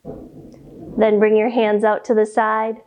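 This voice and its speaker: A woman leading a children's yoga lesson, guiding slowly in a sing-song voice and making playful animal sounds. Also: mid-range voice, monotone, phone-quality sound. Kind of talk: kids' yoga and story warm-up lesson.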